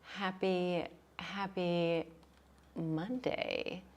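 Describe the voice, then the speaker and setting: A young woman hosting a yoga livestream and chatting with viewers, bubbly and excitable, dropping to quiet asides. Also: lowish voice, very slow. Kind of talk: casual chat greeting viewers. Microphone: livestream mic.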